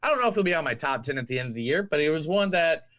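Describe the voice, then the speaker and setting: A man co-hosting a movie podcast, chatting casually and excitably, repeating himself and swearing freely. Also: a little high, very fast, no echo. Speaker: podcast co-host. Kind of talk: casual movie review chat.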